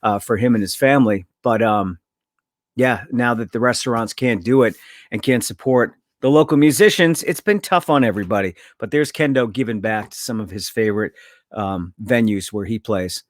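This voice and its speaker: Chatty New host reading plugs. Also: male voice, on the low side, moderate pace, no echo. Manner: chatty, loose ad-reads with self-corrections. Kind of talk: casual talk show.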